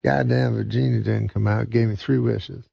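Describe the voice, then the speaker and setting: A man voicing a boastful billionaire in a bar joke, drawling his lines slowly. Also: mid-range voice, steady tone, vocal fry, slightly rough, dry recording, lo-fi sound.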